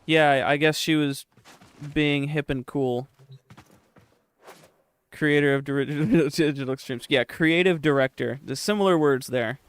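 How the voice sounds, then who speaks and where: A man's voice: a little high, measured pace, pauses often, clean tone, no room sound. A young man streaming a game, chatting casually with his chat in a sarcastic, profane, rambling way.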